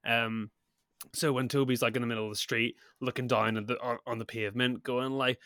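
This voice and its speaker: This podcast co-host sounds a little sick as he casually reviews a film, rambling, laughing a lot and restarting his sentences again and again. His medium-pitched voice stays fairly flat and moves briskly, with a clear, resonant, slightly bright tone, recorded clean in a studio with no room sound.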